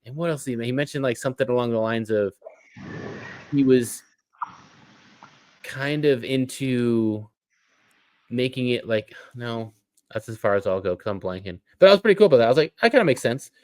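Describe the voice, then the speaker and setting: A man's voice: medium pitch, moderate pace, long pauses, a little mellow, dry recording. A man co-hosting a casual podcast, chatting loosely and rambling with fillers. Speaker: podcast co-host. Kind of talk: casual chat.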